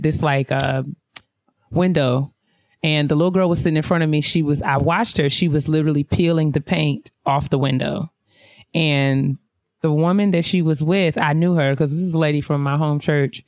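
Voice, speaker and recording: A woman with a lowish voice tells stories on a casual podcast. She is animated, jumps into playful voices and laughs as she goes. The sound is dry and close to the mic. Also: moderate pace, dry recording. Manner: animated storyteller, acts out voices, laughs often. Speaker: podcast co-host. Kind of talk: casual storytelling chat.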